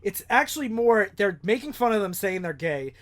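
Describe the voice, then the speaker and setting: A man's voice: high-pitched, big pitch swings, moderate pace, a bit bright. A man co-hosting a podcast, casually recapping a comic book plot and quoting the characters as he goes. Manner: recaps plots, acts out characters' lines in passing. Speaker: podcast co-host.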